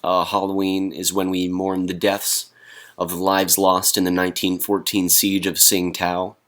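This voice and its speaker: Deep-voiced deadpan young man. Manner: deadpan, halting with fillers. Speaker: comedy vlogger. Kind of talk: deadpan comedy monologue.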